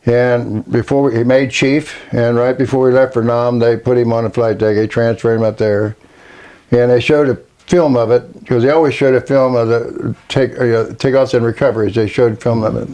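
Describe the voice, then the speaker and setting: An older man with a Kentucky accent, a Navy veteran telling his story in a slow, plainspoken, halting way during an oral history interview. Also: mid-range voice, steady tone, darkish tone.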